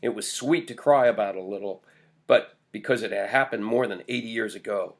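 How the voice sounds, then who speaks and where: A man narrating a children's novel aloud in a steady, measured reading. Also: lowish voice. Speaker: audiobook narrator. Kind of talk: audiobook reading.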